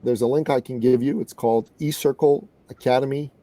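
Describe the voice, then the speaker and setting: A middle-aged man from Canada telling a story in an interview as a guest business coach, earnest and animated. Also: medium pitch, a little fast, no room sound.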